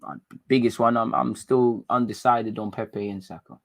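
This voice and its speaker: A man with a British accent hosts a casual livestream, chatting to viewers in relaxed street slang. He is animated and chatty as he answers comments. His voice sits at an everyday middle pitch. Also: normal speed, creaky. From England. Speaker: livestream host.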